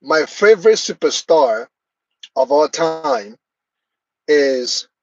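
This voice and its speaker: A man's voice: fairly high pitch, expressive, takes it slowly, creaky, highs cut off. A man hosting a live stream, chatting casually and answering viewers' comments by name.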